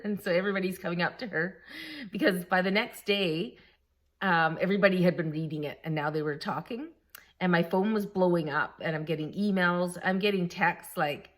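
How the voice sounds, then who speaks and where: A woman vlogging to her camera, telling a story in a lively, laughing way and often quoting the people she talks about. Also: on the low side, normal speed. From Canada. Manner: animated, laughing, quoting others. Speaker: vlogger, former school staff member.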